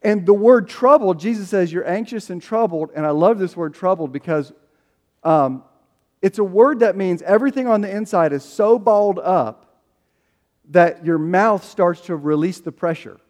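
A man preaching a sermon as a pastor, animated, acting out the voices he quotes. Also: high voice, moderate pace. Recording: long hall reverb.

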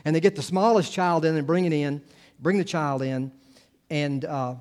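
A male pastor delivers a sermon in a casual, talky way. He often backtracks and restarts his sentences. His voice sits a little on the high side. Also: moderate pace, a little mellow. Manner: conversational, full of restarts and asides.

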